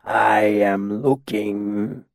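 A man voicing a befuddled male mercenary who speaks haltingly in a slow, thick voice. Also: on the low side, steady tone, creaky, dry recording, studio quality, heavily acted. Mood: dazed.

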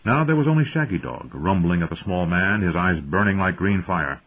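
Man, audiobook narrator, low voice, animated pitch, measured storytelling, lo-fi phone-like sound. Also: husky. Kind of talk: scripted fantasy narration.

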